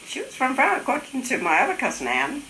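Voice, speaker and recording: A woman's voice: high voice, wildly swooping pitch, quick pace, echoey room, crowd noise, rough recording. An older woman telling family stories in casual conversation, amused and laughing often, sometimes mimicking her relatives' voices. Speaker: interviewee recalling family stories.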